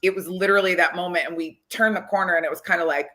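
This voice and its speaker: A woman guest on an interview podcast, a football coach, telling stories in an animated, chatty way with many "like"s and "you know"s. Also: fairly low pitch, racing. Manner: animated, retells conversations with lots of "like" and "you know". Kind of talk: conversational interview storytelling.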